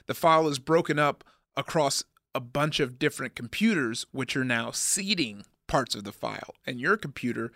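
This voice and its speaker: Brief: male podcast co-host, mid-pitched, loose and rambling, dry close mic. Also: expressive, normal speed, few pauses, bright, forceful tone, no echo. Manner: rambling and jokey, with frequent restarts. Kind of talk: casual chat.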